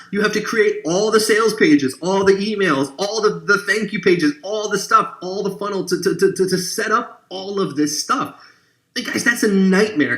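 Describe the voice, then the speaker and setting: A man giving a persuasive webinar pitch to coaches, emphatic and sarcastic as he builds long lists. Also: a bit bright. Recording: echoey room.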